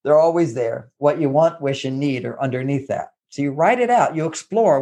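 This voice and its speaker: A man's voice: a little high, lively intonation, moderate pace, hardly any pauses, warm tone. A man from Texas, a therapist and relationship author, talking casually and animatedly, often acting out quoted phrases. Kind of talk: casual advice talk.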